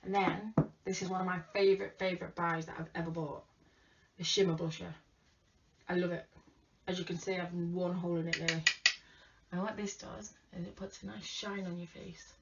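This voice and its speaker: A woman chatting casually to viewers during a makeup tutorial, often dropping to soft murmurs. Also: on the low side, flat delivery, normal speed. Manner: chatty, talks to viewers while applying makeup, drops to murmurs. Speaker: makeup vlogger. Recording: distant lo-fi home recording with faint hiss.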